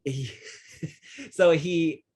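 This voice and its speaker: A man hosting a casual film chat, animated, acting out characters' lines and laughing often. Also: on the high side, extremely slow, slightly rough. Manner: frequent fillers and restarts, laughs often. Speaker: podcast host.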